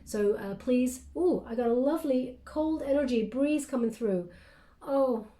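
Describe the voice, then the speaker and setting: A woman giving a casual, affectionate tarot card reading to her viewers, talking gently with plenty of fillers. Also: sits high, unhurried. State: briefly tearful then composing herself.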